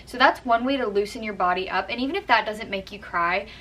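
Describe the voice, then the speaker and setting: A woman's voice: medium pitch, fast, bright, forceful tone, distant mic, low-quality recording. A young woman vlogger explaining acting tips in a chatty, earnest way, full of "like" and "kind of". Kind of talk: casual how-to talk to camera.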